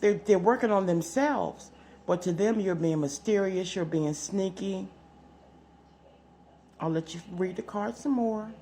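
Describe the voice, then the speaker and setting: A woman's voice: medium pitch, a little slow, warm tone, slight background noise. A woman doing a casual general tarot reading to camera, chatty and self-assured, often repeating her phrases. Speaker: tarot card reader.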